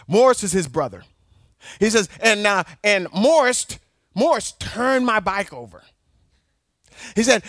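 A man preaching a sermon, telling a personal story in an animated way and at times breaking into shouts. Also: sits high, a little slow, long pauses, no room sound.

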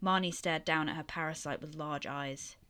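A woman reading her own story aloud in a steady, even voice, then chatting about it. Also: low-pitched, moderate pace. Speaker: author and reader.

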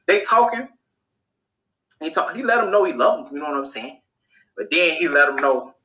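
A man's voice: a little fast, low-quality recording. A man hosting a podcast, recapping a TV episode in a casual, colloquial monologue and repeating phrases for emphasis. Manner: animated, acts out characters' lines in a higher voice. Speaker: podcast host.

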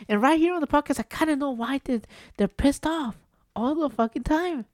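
A man with a very high voice hosts a solo podcast, talking at normal speed in a studio-quality recording with no room sound. Originally from New Jersey, USA, he rants casually in an exasperated, profane way, firing off rhetorical questions.

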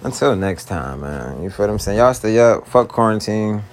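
A man's voice: lowish voice, lively intonation, normal speed, a little hiss or hum. A young man with a Philadelphia accent, venting in a profane, slangy monologue to his girlfriend. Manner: profane, slangy, pleading then exasperated. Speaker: vlogger.

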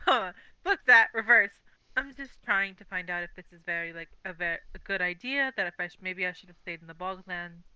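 A woman player in a tabletop role-playing session, chatting casually and playfully. Her voice is very bright and smooth, and the recording is dry and close. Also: on the low side, lively intonation, moderate pace, no room sound, highs cut off. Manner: giggly, playful.

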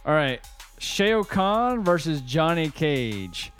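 A man with a slightly high, very animated voice leads a relaxed, joking podcast chat with friends. His humor runs crude and playful. Faint music sits underneath him. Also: slow. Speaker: podcast host. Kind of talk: casual chat.

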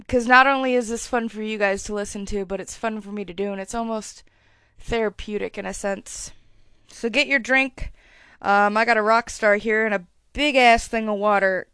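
A young woman in her twenties hosting a casual solo podcast, chatty and swearing freely, with her loudness swinging up and down as she talks. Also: medium pitch, clean tone, dry recording, studio quality. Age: 20s. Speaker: podcast host.

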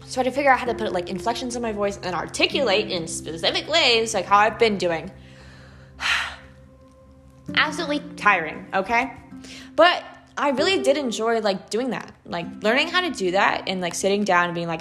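A young woman with a Valley Girl accent, hosting a student podcast in an animated, chatty way, full of "like" and "okay". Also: fairly high pitch, moderate pace, faint music behind. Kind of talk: casual solo podcast monologue.

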